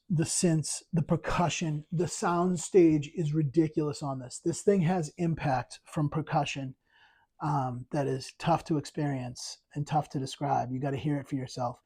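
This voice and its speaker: Excited man rambling about records. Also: a little high, a little slow, husky. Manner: enthusiastic, rambling with many fillers and restarts. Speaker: vinyl collector channel host. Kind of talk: casual record review vlog.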